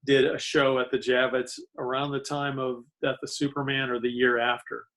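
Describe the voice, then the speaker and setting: Male guest, easygoing, mid pitch, reminiscing in a casual chat. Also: normal speed. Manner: relaxed, laughs often, recalls details. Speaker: comic artist and writer guest.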